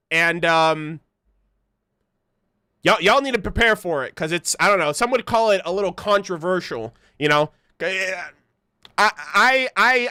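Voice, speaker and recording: Bright excitable male streamer. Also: high-pitched, clear, resonant tone, no echo, studio quality. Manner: excitable, laughing, swearing freely, chatty with viewers. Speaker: livestream host reacting to an animated series. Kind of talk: casual livestream commentary.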